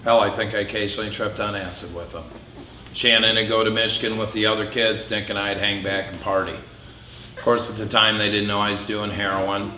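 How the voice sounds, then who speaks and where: A middle-aged man giving a candid personal testimony speech at an event, telling a hard story with flashes of dark humor. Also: fairly low pitch, level tone, fairly quick, slight background noise. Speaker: public speaker. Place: event hall. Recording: echoey hall with faint ambience.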